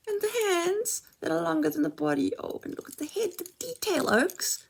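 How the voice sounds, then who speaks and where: A woman's voice: fairly high pitch, expressive, normal speed, creaky, a bit bright, breathy edge. A mother chatting casually as she unboxes a shopping haul, gushing and exclaiming over each item.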